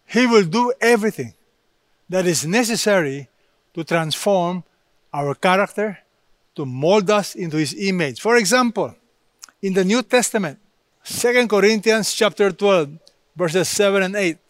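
A man preaching a sermon, slow and emphatic, with dramatic pauses between phrases. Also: sits high, lively intonation, no room sound. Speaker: pastor.

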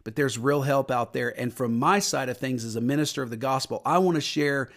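A middle-aged man, a minister hosting a podcast, talking earnestly in a preaching manner, lifting his voice on scripture and dropping low for personal stories. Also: brisk, a bit bright. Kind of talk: podcast sermon talk.

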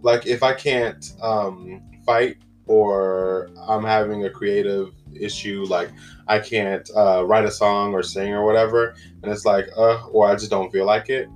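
A man's voice: lowish voice, fairly even intonation, normal speed, faint music behind. A man hosting a casual solo podcast, rambling and chatty with lots of fillers and exclamations. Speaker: podcast host.

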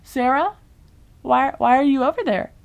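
A woman's voice: high voice, normal speed, vocal fry, highs cut off, voice pushed up. A woman quoting a jealous young man who demands to know what his girlfriend is doing, in a pushy, questioning way. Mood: demanding.

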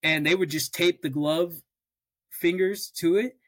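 A young man from Oklahoma co-hosts a podcast in loose, casual chat. He talks a touch higher than most men, recorded close and dry. He tells his stories with plenty of swearing and quick restarts. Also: steady tone, fairly bright tone, no room sound. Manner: storytelling, swears freely, restarts often. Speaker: podcast co-host.

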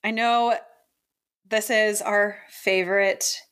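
A woman's voice: mid-range voice, steady tone, slow pace, a bit bright. A woman co-hosting a podcast, chatting casually and teasing her friend playfully, laughing a lot. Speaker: podcast co-host. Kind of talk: casual book chat.

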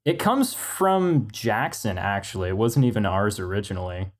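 A man's voice: lowish voice, animated, normal speed, very noisy. A man co-hosting a podcast, chatting about films in a jokey way and laughing often. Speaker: podcast co-host. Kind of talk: casual film discussion.

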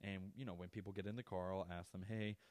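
Brief: young male podcaster, low voice, dry close sound, swears a lot while ranting through a story. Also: quick pace, no room sound. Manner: profane, ranting, animated. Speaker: podcast host. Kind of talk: casual storytelling monologue.

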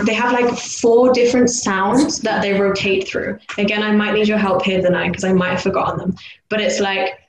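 A young woman from the UK co-hosting a casual podcast chat, animated and loud when she imitates street sounds. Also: medium pitch, brisk, highs cut off. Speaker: podcast co-host. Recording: echoey room, faint background noise.

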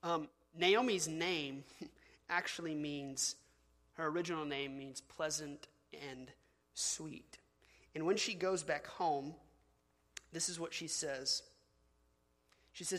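A man's voice: fairly high pitch, fairly even intonation, moderate pace, a bit bright. A man preaching a sermon as pastor, conversational, with fillers and asides. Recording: long hall reverb.

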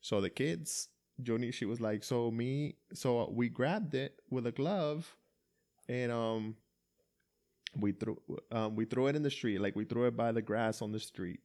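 A man's voice: medium pitch, unhurried, a little mellow. A man telling a story in casual chat, laughing and acting out what people said. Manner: laughing storyteller, acts out quotes with swearing.

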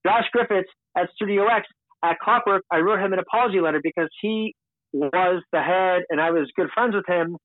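A man's voice: sits high, normal speed, no room sound. Male podcast guest from Long Island, candid rambling storyteller, dry tinny audio. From Long Island, New York. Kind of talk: casual storytelling. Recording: tinny, dry phone-like sound.

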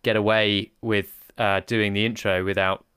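Smooth low-voiced male podcast co-host. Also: flat delivery, measured pace, a bit bright, no echo, studio quality. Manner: easygoing, laughs often, rambling. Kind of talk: casual podcast chat.

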